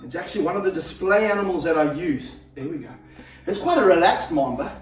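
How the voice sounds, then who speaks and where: Handling a snake on camera, a middle-aged snake handler and vlogger chats casually in a high voice, a little fast, energetic and breathless, coaxing the snake between explanations. Recorded in an echoey indoor room with slippery floors, his voice a bit far from the mic over faint music.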